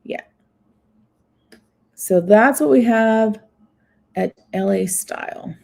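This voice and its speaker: A woman's voice: mid-range voice, takes it slowly, vocal fry, darkish tone. Chatty woman reading a food menu. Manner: chatty, reads menu items aloud with little asides. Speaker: food vlogger. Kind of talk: casual live-stream chat reading a festival menu.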